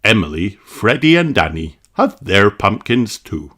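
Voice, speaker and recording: A reader narrating a children's picture book aloud in a slow, expressive way. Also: sits low. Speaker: storybook reader.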